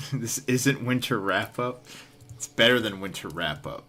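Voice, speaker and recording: A man's voice: fairly low pitch, a little slow, bright, forceful tone, slight background noise. A man streaming live, giving casual, dry and sarcastic commentary.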